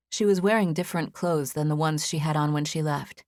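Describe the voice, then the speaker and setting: Woman, audiobook narrator, measured storytelling, lowish voice, dry studio sound. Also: a little mellow, no room sound. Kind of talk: scripted narration.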